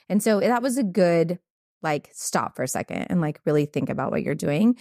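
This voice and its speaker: Woman, veterinarian, casual candid storytelling, lowish pitch, dry recording. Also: animated, normal speed, mellow, no room sound. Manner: candid storytelling with many fillers. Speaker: podcast host, veterinarian. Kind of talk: casual conversation.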